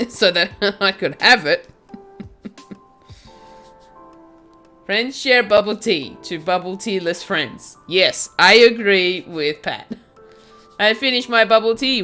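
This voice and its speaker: A woman streamer chatting casually with her viewers while she knits, giggling often and reading their names aloud. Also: medium pitch. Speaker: craft streamer. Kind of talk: casual chat while knitting. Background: soft music.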